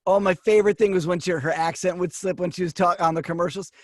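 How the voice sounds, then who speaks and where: A man co-hosting a comedy podcast, telling a story from his college days with animated delivery. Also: sits high, fast talker, no echo, clean studio sound. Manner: animated, storytelling with quoted voices. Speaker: podcast co-host.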